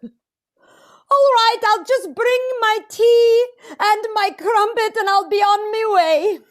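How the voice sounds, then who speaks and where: A woman's voice: extremely high pitch, slow. A woman improvising a prim young British lawn worker in a put-on accent. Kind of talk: improv comedy scene.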